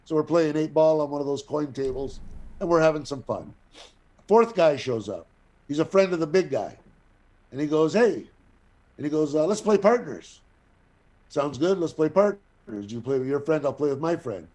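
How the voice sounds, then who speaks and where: An older man, an actor and guest, telling a long anecdote in a casual, profane, animated way. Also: fairly high pitch, moderate pace. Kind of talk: casual storytelling.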